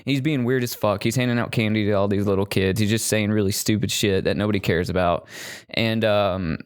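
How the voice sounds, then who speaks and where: A man co-hosting a movie-review podcast, retelling scenes in a profane, animated way and mocking the characters. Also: on the low side, fairly quick, smooth, no room sound, clean studio sound. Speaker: podcast co-host. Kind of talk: casual movie-review chat.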